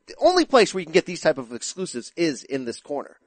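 A man's voice: on the high side, huge pitch swings, quick pace, no room sound. A man hosting a sports talk show, asking questions in a playful, hyped-up way. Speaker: podcast host. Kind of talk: casual sports talk and interviewing.

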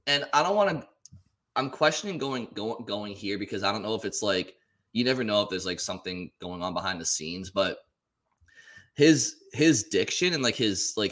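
Here is a man with a fairly low voice that still has a bright, forward edge. He is chatting casually as a sports podcast co-host. He rambles and often restarts and repeats words.

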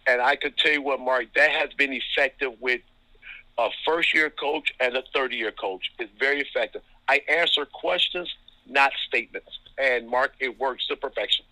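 A man from Ohio, a basketball referee, telling anecdotes about coaches in a relaxed interview, chuckling often. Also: mid-range voice, normal speed, no echo, poor audio. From Toledo, Ohio. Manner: chuckling, anecdotal, lots of fillers. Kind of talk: casual storytelling interview.

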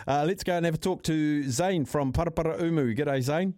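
A man's voice: on the high side, normal speed, a little mellow. A man with a New Zealand accent hosting a talkback radio show, chatting in a friendly way with callers and laughing easily. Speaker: radio host.

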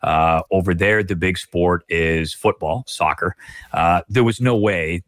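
A middle-aged Canadian man, a guest broadcaster, telling stories in a measured, reflective way during a podcast interview. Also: deep voice, fairly bright tone, no echo, clean studio sound.

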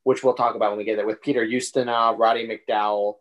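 A man's voice: fairly low pitch, little pitch movement, fast, fairly bright tone. A man on a casual podcast, steadily explaining plot points and comparing a story with its film versions. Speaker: podcast co-host. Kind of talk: casual chat about books and films.

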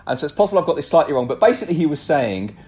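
Fast-talking man musing about football. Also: fairly high pitch, very animated, a little mellow. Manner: musing, rambling, with restarts and asides. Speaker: football journalist, podcast co-host. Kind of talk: casual football podcast chat.

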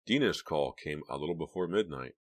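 A man with an extremely deep voice reads an audiobook with steady, measured pacing. The delivery is calm and even. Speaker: audiobook narrator. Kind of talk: scripted audiobook narration.

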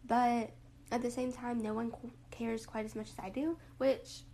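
A young woman hosting a casual reflective monologue, rambling with lots of fillers and a rough morning voice. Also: on the high side, little pitch movement, moderate pace, dark tone, slight background noise, rough recording. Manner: rambling, lots of likes and ums. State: morning voice, throat a bit rough.

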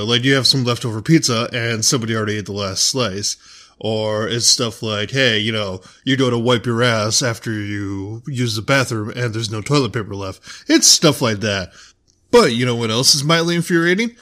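A man's voice: on the low side, moderate pace, fairly bright tone. A young man hosting a casual podcast, reading posts aloud and ranting about them with frequent swearing. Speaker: podcast host.

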